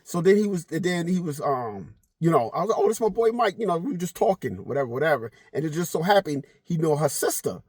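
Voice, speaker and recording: A middle-aged man telling a casual story to camera, animated and swearing freely, slipping into the voices of people in his story. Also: fairly high pitch, fairly quick, hardly any pauses, breathy edge, no echo, studio quality. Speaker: vlogger.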